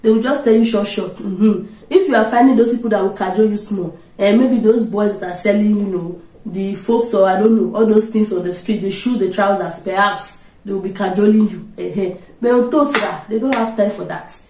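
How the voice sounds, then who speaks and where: A woman's voice: mid-range voice, a little fast. Casting: a chatty Nigerian-accented woman vlogger, echoey room, mic set back. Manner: lively and chatty, often laughing. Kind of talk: casual chat to camera. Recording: roomy, from a distance.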